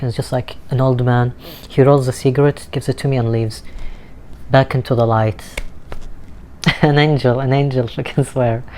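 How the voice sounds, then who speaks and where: A man's voice: mid-range voice, darkish tone. Man talking openly about his life. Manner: earnest, emotional, casual swearing. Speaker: vlogger. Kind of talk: candid personal monologue. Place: outdoors in a city with street music nearby.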